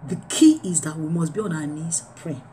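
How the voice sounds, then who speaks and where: A woman preaching a sermon, swinging between loud urging and low, quiet lines. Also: normal speed, a little hiss or hum.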